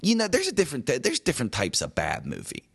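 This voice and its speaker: A man's voice: fairly high pitch, huge pitch swings, fast talker, vocal fry, a bit bright, slightly rough. A man chatting casually on a podcast about a movie he disliked, rambling and complaining in loose colloquial speech. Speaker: podcast co-host. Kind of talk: casual movie review chat.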